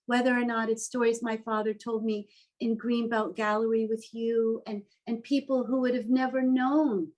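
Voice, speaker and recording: A woman's voice: on the high side, low-quality recording. A woman artist telling a story in an interview, speaking in a heartfelt, earnest and openly emotional way.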